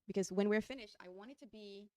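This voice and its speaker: A woman's voice: medium pitch, fast, clean tone, no echo, studio quality. A woman with a New Jersey accent giving a chatty, upbeat live screen-share tutorial, talking her viewers through each step as she clicks. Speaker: online design tutor.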